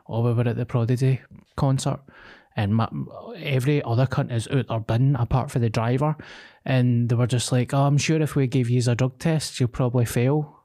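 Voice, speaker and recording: A man's voice: mid-range voice, mellow. A young man with a Glaswegian accent, co-hosting a podcast and telling a rambling, confessional story in casual chat. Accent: Scottish, Glaswegian. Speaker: podcast co-host.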